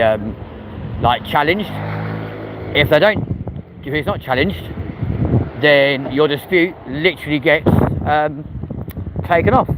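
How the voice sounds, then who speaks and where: A man chatting casually on a live stream, cheeky and talkative, walking outdoors through a city at night on a handheld phone. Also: a little high. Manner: chatty, cheeky, banters with passers-by. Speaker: vlogger. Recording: city street noise.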